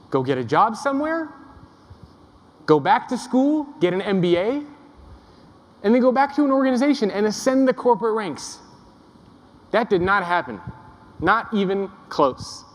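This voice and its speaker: A man's voice: sits high, big pitch swings, measured pace, pauses often. A young man giving a humorous keynote to a live audience, telling self-deprecating stories and joking with the crowd. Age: young adult. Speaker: keynote speaker. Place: large conference hall before a live audience. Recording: echoey conference hall, live.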